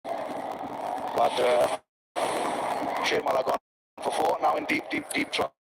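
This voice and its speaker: A man giving live cricket commentary, excitable and swooping on the big moments. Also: takes it slowly. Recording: loud background noise over commentary.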